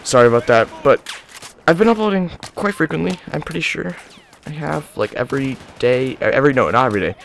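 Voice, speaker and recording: Excitable young man narrating gameplay. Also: medium pitch, fast talker, vocal fry, a little hiss or hum. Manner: rambling, excitable, yelps and whines in panic. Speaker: gaming YouTuber. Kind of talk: casual gameplay commentary.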